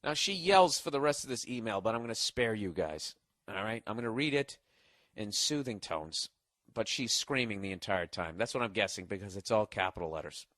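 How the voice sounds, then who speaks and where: A man's voice: lowish voice, expressive, brisk, fairly bright tone, no room sound, clean studio sound. A man hosting a podcast, reading out listener mail in a sarcastic, profane, mocking comic rant. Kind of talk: comic ranting monologue.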